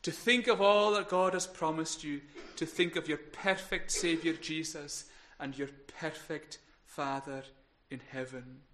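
A man preaching a sermon in an earnest way, building to emphatic peaks and then dropping quiet. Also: on the high side, measured pace, hardly any pauses, a little hiss or hum. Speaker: pastor.

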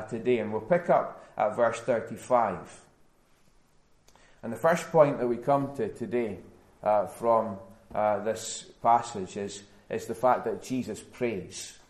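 A man's voice: medium pitch, darkish tone. A male pastor preaching a sermon in a church, earnest and building to emphatic repetition. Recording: roomy church echo.

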